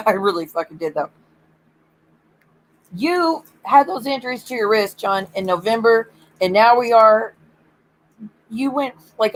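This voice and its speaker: A woman's voice: on the high side, fairly bright tone, slight background noise, rough recording. Blunt, ranting woman. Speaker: streamer. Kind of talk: casual live-stream chat.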